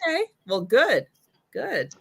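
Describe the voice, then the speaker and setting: Slow, chatty woman hosting a sale. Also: a little high, huge pitch swings, creaky, fairly bright tone, breathy edge. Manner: chatty, rambling, full of restarts. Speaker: host of a live sale. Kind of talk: casual live-stream chat.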